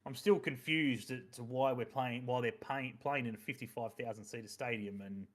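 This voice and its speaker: A man's voice: mid-range voice, normal speed. Casual man hosting a podcast. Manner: rambling, swears freely, many fillers. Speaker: podcast host. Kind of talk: casual chat.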